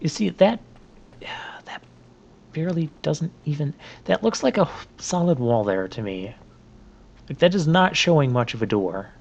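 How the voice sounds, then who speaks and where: Guy doing lets play commentary, gravelly voice, kinda muffled lo-fi mic, rambles a lot. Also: fairly high pitch, very animated, normal speed. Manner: rambling, chatty, full of "like" and restarts. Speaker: let's play host. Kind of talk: casual gameplay commentary.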